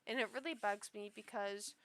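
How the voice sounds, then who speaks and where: A woman's voice: medium pitch, fairly even intonation, normal speed. A tipsy woman rambling emotionally with many restarts while giving casual reaction commentary on online posts. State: tipsy after two shots. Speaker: streamer reading online posts.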